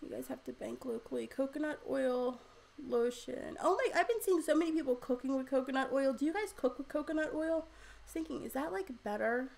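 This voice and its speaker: Sitting at a desk mic at home, this young livestream host reads out comments from viewers and chats casually, laughing often and using lots of fillers. She has a high, fairly quick voice that's gravelly and a little mellow.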